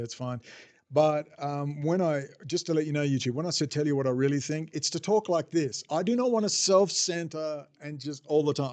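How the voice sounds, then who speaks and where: This livestream host has a slightly high, darkish male voice. He rambles off the cuff, swears freely, and answers viewer chat as he goes.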